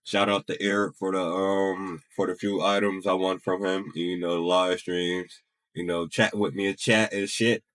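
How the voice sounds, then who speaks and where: A man's voice: deep voice, little pitch movement, a little slow, fairly bright tone. A man giving casual, profane reaction commentary with blunt asides. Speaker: reaction streamer.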